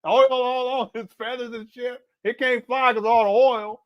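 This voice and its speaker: A man's voice: very high-pitched, fairly even intonation, normal speed, hardly any pauses, dull audio. A man in his late forties hosting a casual reaction commentary, mocking and laughing as he talks. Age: 40s. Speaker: commentary host.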